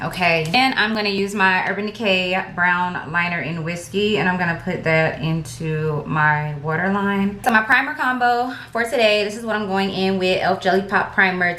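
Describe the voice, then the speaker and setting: A woman's voice: fairly low pitch, bright, forceful tone, reverberant, a little hiss or hum. A woman beauty vlogger, chatting casually and slangily to her viewers at home. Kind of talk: casual get-ready-with-me chat.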